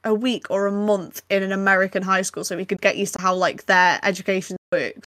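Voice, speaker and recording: A woman's voice: mid-range voice, steady tone, brisk, fairly bright tone, no room sound. Young woman co-host, chatty and laugh-prone, dry close recording. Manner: laughs often, chatty with many fillers. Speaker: podcast co-host. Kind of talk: casual chat.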